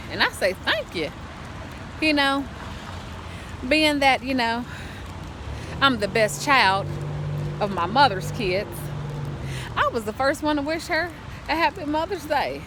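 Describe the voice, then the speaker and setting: A woman vlogging casually to the camera, chatty and animated, often laughing and using folksy, churchy phrasing. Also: a little high, noisy background. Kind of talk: casual vlog talk to camera.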